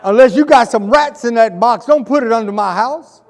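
A man's voice: very high-pitched, normal speed, big-room sound, some chatter behind. A man voicing a confused, indignant male owl who complains in incredulous questions.

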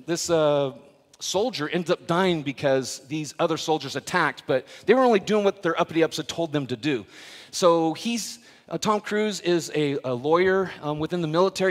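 A man preaching to his congregation, retelling a story with animated, joking asides. His voice sits slightly high. It carries a long reverb from the church's worship hall. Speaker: pastor. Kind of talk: sermon.

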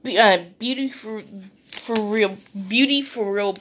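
Slow, rambling woman showing beauty products. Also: fairly high pitch, fairly bright tone, slight background noise. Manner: rambling, halting, full of fillers and restarts. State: sleepy, still waking up. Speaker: beauty vlogger. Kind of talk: casual unboxing chat.

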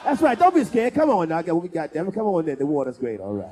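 A man doing crude, loud stand-up comedy and teasing the audience in a live comedy club. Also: fairly high pitch, wildly swooping pitch, quick pace, some chatter behind. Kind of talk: stand-up with crowd work.

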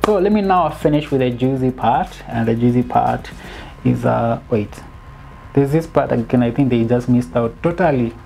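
A woman giving a casual, animated film critique, dropping in bits of Swahili slang and sounding exasperated. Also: rumbling low, normal speed, gravelly, soft background music. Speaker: film reviewer.

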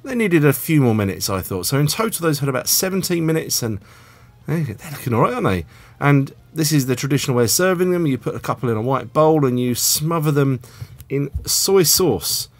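A man's voice: on the high side, lively intonation, a little fast, dry recording. A man hosting a casual cooking demonstration, chatty and self-deprecating. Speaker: cooking show host.

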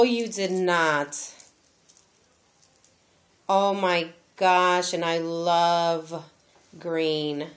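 Slow-talking gushing woman unboxing a gift. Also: medium pitch. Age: adult, has a daughter. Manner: gushing, exclaims often. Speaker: crafting vlogger opening a gift. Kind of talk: casual unboxing chat.

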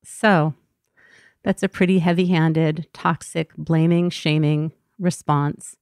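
A woman's voice: deep voice, steady tone, slow pace, darkish tone, no echo, studio quality. A woman therapist hosting her podcast, talking candidly and vulnerably in a personal monologue. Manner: candid, vulnerable, emotionally raw.

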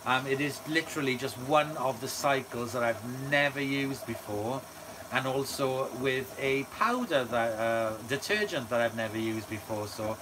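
A man's voice: mid-range voice, normal speed, background noise. Chatty man over a running washing machine. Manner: chatty, enthusiastic, frequent fillers. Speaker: channel host. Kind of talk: live-stream chat reading viewer comments. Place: indoors at home near a running washer.

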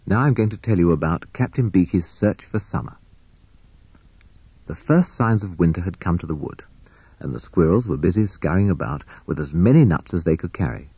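Husky man reading a children's storybook. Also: low voice, moderate pace, no echo. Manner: expressive, animated storytelling. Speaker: narrator.

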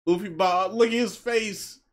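A man's voice: high-pitched, slow pace, a little hiss or hum. A young man giving casual, slangy reaction commentary while watching an anime, full of exclamations and laughter. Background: anime audio playing.

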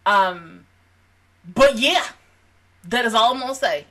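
A young woman hosting an anime reaction video late at night, tired, chatty and quick to laugh and exclaim. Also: a little high, lively intonation, a bit bright. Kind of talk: casual reaction commentary.

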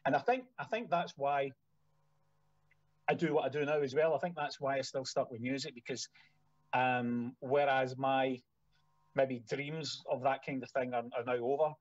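A man's voice: medium pitch, fairly even intonation, normal speed, dry recording, muffled recording. A Scottish man, a band manager, telling rambling stories in a casual podcast chat, full of fillers and restarts. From Scotland. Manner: rambling storyteller with many fillers.

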